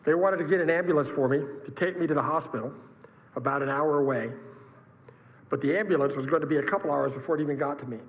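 Fast and a little high-voiced, a man preaches a sermon, telling his own story with heartfelt emotion and climbing outbursts. The audio has a long hall reverb and faint room ambience.

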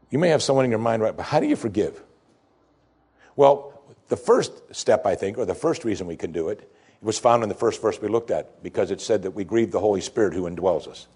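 A man with a husky, slightly breathy voice delivers a sermon as a pastor, retelling a parable in an animated way. He climbs high and loud to stress a point, then drops to a quiet, low murmur for the lesson.

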